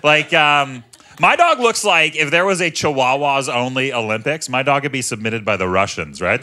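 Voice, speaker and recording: Stand-up comic, thirties, man, self-mocking and animated, voice swings a lot. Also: medium pitch, moderate pace. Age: 30s. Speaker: stand-up comedian. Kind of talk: stand-up comedy set. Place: comedy club stage with audience.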